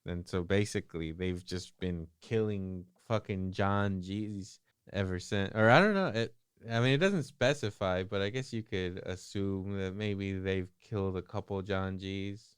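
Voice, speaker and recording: A man with a low, smooth, resonant voice, talking loosely and profanely as a podcast co-host. He retells a story in casual chat, laughs often, and slips into acted-out quotes. The sound is close and dry. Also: measured pace, dry recording.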